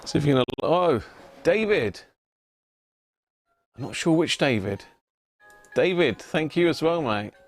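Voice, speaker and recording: A man's voice: a little high, lively intonation, unhurried, long pauses, faint music behind. A man hosting a casual livestream, chatting, laughing often and greeting viewers by name. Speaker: livestream host. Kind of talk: casual live chat reading viewer messages.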